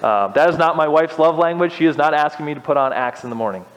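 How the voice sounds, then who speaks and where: A young man preaching a sermon as pastor, animated and building to impassioned exhortation. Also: a little high, fast talker, in a large hall, muffled recording.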